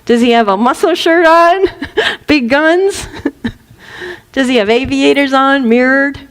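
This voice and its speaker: A woman with a high voice gives a spiritual teaching talk in a playful, lively way, laughing often and slipping into little acted voices. She speaks as a minister to her listeners. The sound carries a long hall reverb. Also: slow.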